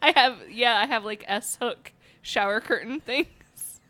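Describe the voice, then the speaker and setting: A woman's voice: on the high side, slow, bright, forceful tone, no echo. A woman in her twenties co-hosting a casual podcast, rambling with lots of ums and giggles. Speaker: podcast co-host. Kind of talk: casual chat.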